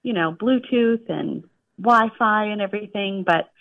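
A woman's voice: mid-range voice, unhurried, gravelly, no room sound. Woman caller on a phone line. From Chicago suburbs. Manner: chatty, friendly, explains carefully. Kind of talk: phone-in chat. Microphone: telephone.

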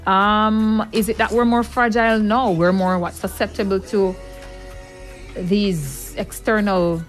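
A woman's voice: medium pitch, steady tone, unhurried, faint music behind. Earnest woman co-host chatting. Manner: earnest, reasoning, laughs easily. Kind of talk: casual chat.

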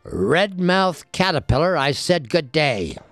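Guy playing a bratty little village boy, yells, pitched up. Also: very animated, takes it slowly, no echo, full character voice. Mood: rude. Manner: shouting, demanding. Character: rude impolite village boy.

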